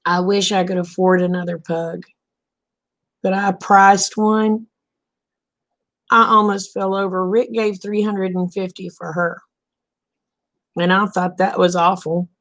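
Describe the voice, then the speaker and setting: A woman's voice: medium pitch, level tone, fairly bright tone. Homespun woman telling a story. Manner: homespun, drawn-out storytelling with many "he said" asides. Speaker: vlogger. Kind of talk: casual late-night storytelling.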